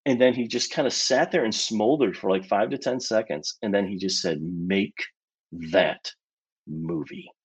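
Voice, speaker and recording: A man being interviewed as a guest, telling a personal story in an animated way with lots of casual fillers. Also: on the low side, brisk, hardly any pauses, breathy edge.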